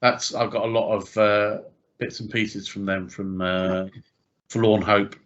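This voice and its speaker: A man's voice: fairly low pitch, level tone, unhurried, a bit bright, highs cut off. A man hosting a podcast in casual chat, hesitant and agreeable, often restarting his sentences and using lots of fillers.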